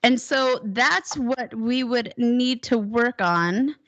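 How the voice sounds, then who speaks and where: A woman teaching a one-on-one singing lesson, encouraging her student and demonstrating high whoops. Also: slow, fairly bright tone, highs cut off.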